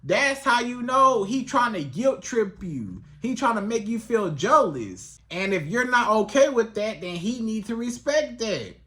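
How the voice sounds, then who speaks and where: Relationship coach on a vlog, bright voice, slangy and animated, acts out convos. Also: mid-range voice, unhurried, hardly any pauses. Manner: animated, colloquial, acts out dialogues. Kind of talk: advice vlog monologue.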